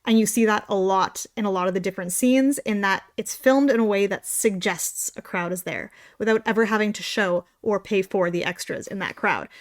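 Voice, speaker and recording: A young Canadian woman co-hosting a podcast, talking casually with quick tangents and sarcastic asides. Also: medium pitch. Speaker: podcast co-host. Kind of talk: casual chat.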